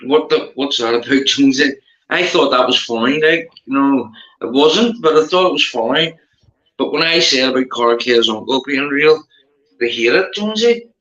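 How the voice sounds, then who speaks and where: A man's voice: mid-range voice, expressive, moderate pace, bright, forceful tone, echoey room, muffled recording. A man with a Northern Irish accent in rambling casual chat, repeating himself and calling his friend mate. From Northern Ireland.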